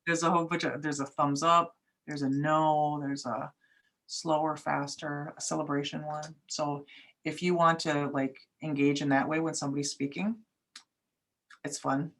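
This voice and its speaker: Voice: medium pitch, flat delivery, moderate pace, fairly bright tone. A facilitator leading an online training session, casual and friendly, thanking each speaker. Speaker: workshop facilitator. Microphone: video call.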